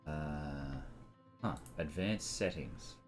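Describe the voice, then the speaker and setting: A man's voice: a bass voice, extremely slow, music in the background. A man hosting a casual live stream, rambling and hesitating with fillers as he reads settings aloud.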